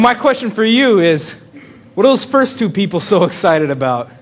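A man's voice: high voice, big pitch swings, moderate pace, some chatter behind. A man preaching a casual sermon in a chatty way, chuckling often and restarting his sentences. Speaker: pastor.

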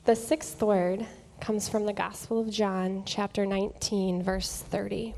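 A woman giving a slow, dramatic devotional reflection, pausing long and dropping to a near whisper. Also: medium pitch, level tone, a little mellow, a little hiss or hum. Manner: long pauses, drops to a near whisper on quoted words. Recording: long echo of a large hall.

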